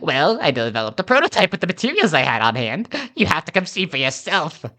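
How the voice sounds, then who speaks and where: A man's voice: on the high side, big pitch swings, a little fast, pushed and bright, pitched above the performer's own voice, full character voice. A man voicing a gleeful video-game inventor, giddy and boastful about a new gadget.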